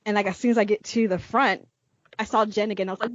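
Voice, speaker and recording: A woman's voice: on the high side, lively intonation, fast talker. A woman telling a story in earnest on a casual podcast chat. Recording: dry, muffled mic.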